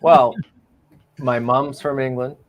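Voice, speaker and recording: A man's voice: mid-range voice, level tone, slow, highs cut off. A man from the Boston area bantering as co-host on a casual podcast, joking and playful. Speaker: co-host sculptor.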